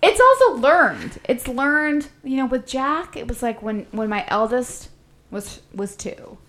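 A woman co-hosting a casual chat, expressive and frank, swearing freely as she talks. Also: high-pitched, unhurried. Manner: expressive, swears casually, talks about her four kids. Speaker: podcast co-host.

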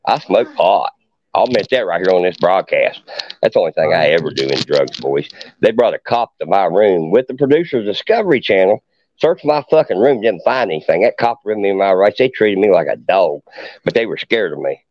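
Deep-voiced profane man. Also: lively intonation, fairly quick, dry recording. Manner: profane, boastful hillbilly storyteller. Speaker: podcast guest, moonshiner. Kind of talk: casual podcast storytelling. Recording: dull lo-fi podcast audio.

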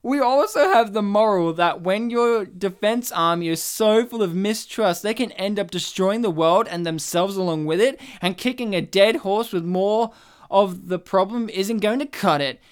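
A woman's voice: mid-range voice, normal speed, clear, resonant tone. A woman reading a review aloud to friends in a mock-dramatic way, stumbling over words and laughing.

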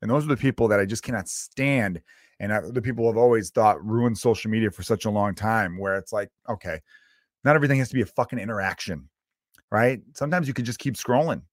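A man's voice: lowish voice, fast talker, dry recording, studio quality. A man hosting a solo podcast, ranting in a loose, profane, exasperated way with lots of fillers. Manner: loose, rambling with many fillers. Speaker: podcast host.

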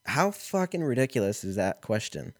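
A man's voice: medium pitch, sing-song, moderate pace, dry recording, studio quality. A man hosting a podcast, rambling through a casual comedic monologue full of profanity and self-mockery. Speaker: podcast host.

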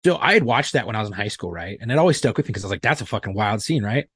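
Husky low-voiced man, heated and profane. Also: expressive, rapid-fire, fairly bright tone, no room sound. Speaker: podcast co-host. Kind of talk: casual chat.

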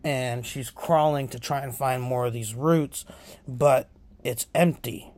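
A man hosting a podcast, casually retelling horror film scenes in a profane, animated way. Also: mid-range voice, takes it slowly. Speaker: podcast host.

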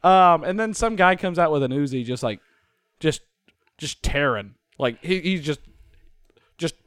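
Smooth-voiced man rambling through a movie recap. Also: on the high side, expressive, moderate pace, a bit bright, no room sound, clean studio sound. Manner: rambling and laughing, with frequent swearing. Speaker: podcast co-host. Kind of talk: casual chat, recapping a movie.

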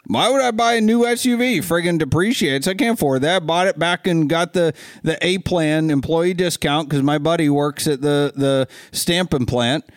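A man's voice: a little high, normal speed, hardly any pauses, no room sound, studio quality. A middle-aged man from Ohio co-hosting a podcast, telling self-deprecating stories in casual chat. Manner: animated, self-deprecating storytelling. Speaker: podcast co-host.

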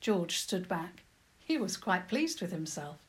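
A woman narrating a children's adventure story in a lively, expressive storytelling manner. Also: on the low side, measured pace.

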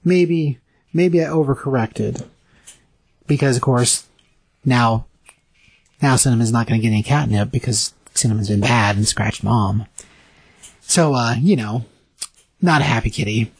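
Husky-voiced man recapping a comic. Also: mid-range voice, dry recording. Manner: animated, acts out comic dialogue in quick voices. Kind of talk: casual chat recapping a comic.

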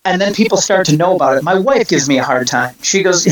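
A man chatting casually about music, telling long stories with many restarts and quick asides. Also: high-pitched, animated, poor audio. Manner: rambling storyteller, many restarts. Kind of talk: casual chat.

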